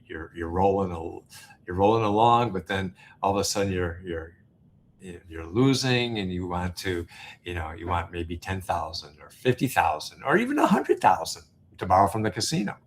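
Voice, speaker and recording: A man with a fairly low voice tells a story as an interview guest, casual and anecdotal. He stumbles through fillers and restarts but stays animated. A faint hum sits under the recording. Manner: halting, many fillers and restarts. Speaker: interview guest, business founder.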